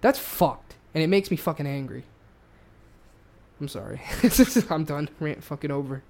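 A man's voice: a little high, expressive, a little slow, creaky, a little mellow. Guy going off on a sweary rant, keeps restarting sentences. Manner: heated, profane, repetitive restarts. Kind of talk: casual ranting chat.

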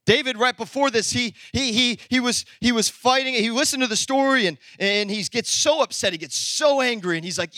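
A man preaching a sermon as pastor, animated, calling out to the congregation, then dropping into low conversational asides. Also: brisk, hardly any pauses, no room sound, studio quality. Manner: talks to the congregation directly, conversational.

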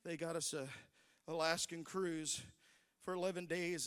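A middle-aged man preaching a sermon, telling stories that build into shouted preaching. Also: a little high, fairly even intonation, a little slow, clean tone, long reverb tail. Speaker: pastor.

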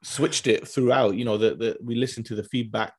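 A man's voice: medium pitch, steady tone, brisk, slightly rough. A man co-hosting a casual podcast, chatty and laid-back, with plenty of fillers. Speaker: podcast co-host. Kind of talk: casual chat.

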